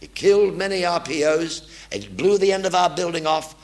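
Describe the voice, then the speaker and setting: An older man giving a lively storytelling talk to an audience in a theatre. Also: on the high side, normal speed. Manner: animated anecdotal delivery, voice swings from hushed to loud. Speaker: war veteran speaker. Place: theatre stage.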